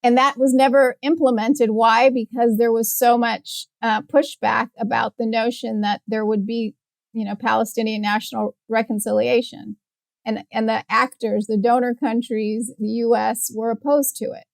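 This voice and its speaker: Higher-voiced woman explaining policy. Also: vocal fry, no echo. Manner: measured, steady explaining. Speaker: guest policy expert. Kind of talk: explanatory interview answers.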